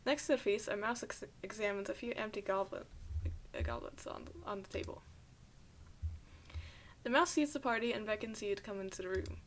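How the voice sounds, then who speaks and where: A woman's voice: mid-range voice, a little fast, long pauses, slight background noise. A young woman playing a game, reading its narration aloud and tripping over words as she goes. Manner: stumbles and restarts words while reading. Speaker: game streamer.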